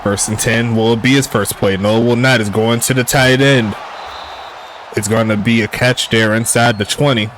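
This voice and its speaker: A man calling a simulated football game play by play in a relaxed streaming style, joking with chat and rising on big plays. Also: mid-range voice, normal speed, slight background noise. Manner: laid-back, laughs at jokey player names, excitable on big plays. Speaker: play-by-play commentator. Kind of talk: casual sim football commentary.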